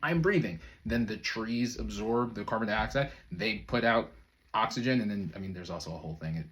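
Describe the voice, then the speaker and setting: Low-voiced man giving a casual pep talk. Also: fairly even intonation, a little fast, fairly bright tone. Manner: loose and conversational, many fillers, brief chuckles. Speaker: manifestation coach. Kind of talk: casual motivational talk to camera.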